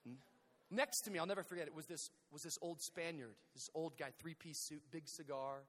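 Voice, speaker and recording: A man preaching a sermon, telling a story in an animated way, acting out scenes with shouts and sound effects. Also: on the high side, a little fast. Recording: long hall reverb.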